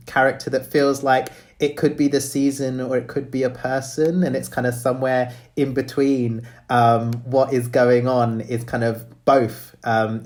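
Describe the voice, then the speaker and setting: A man hosting a writing showcase, giving gentle, hesitant feedback with many pauses and restarts. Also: medium pitch. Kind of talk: live event hosting and spoken feedback.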